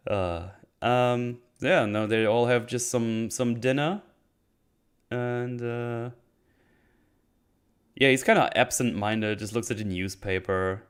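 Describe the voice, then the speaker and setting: A man hosting a casual movie podcast, laughing often and acting out scenes in quick silly voices. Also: medium pitch, fairly even intonation, clear, resonant tone. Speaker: podcast host. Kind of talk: casual movie-review chat.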